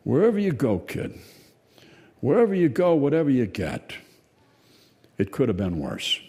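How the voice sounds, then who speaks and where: A man voicing a gruff, cynical female fish statue that talks bluntly and wisecracks. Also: mid-range voice, wildly swooping pitch, normal speed, mellow. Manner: blunt, world-weary, wisecracking.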